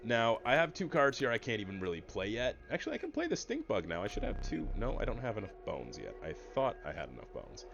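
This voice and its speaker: A man's voice: on the low side, huge pitch swings, fast talker, creaky, hardly any pauses, a bit bright, dull audio, soft background music. A man streaming a card game, chatting casually and explaining the rules to his chat over a headset mic. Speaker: gaming streamer. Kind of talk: casual let's-play commentary.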